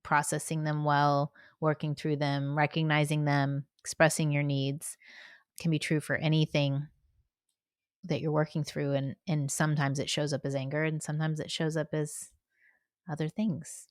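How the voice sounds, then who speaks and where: Brief: woman podcast host, deep for a woman, dry close recording, conversational. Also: level tone, moderate pace, clean tone, no room sound. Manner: warm affirmations, conversational, addresses listeners directly.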